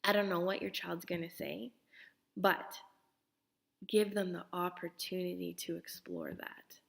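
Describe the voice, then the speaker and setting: A middle-aged woman, a parenting coach, talking earnestly to parents and dropping now and then into soft whispers. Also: on the low side, unhurried, creaky. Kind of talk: casual talk to parents.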